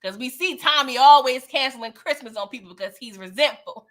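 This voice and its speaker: Hosting a live recap of a TV episode, a woman chats in a slangy, emphatic way, laughing often and tagging her points with "okay?". Her voice is high-pitched, fairly bright, and a little fast.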